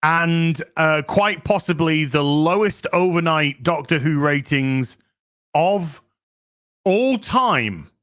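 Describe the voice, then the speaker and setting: A man hosting a live stream, talking excitably to his chat, swearing freely as he reacts to the news. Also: on the high side, slow pace. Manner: excitable, swears, chats to viewers. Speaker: streamer host.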